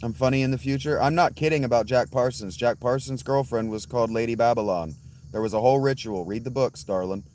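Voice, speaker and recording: A hoarse man hosting a casual livestream, answering chat bluntly and calling out viewers by name. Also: mid-range voice, quick pace, darkish tone, a little hiss or hum. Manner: blunt, swears, addresses chatters by name. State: hoarse, worn-out voice. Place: outdoors at night with insects.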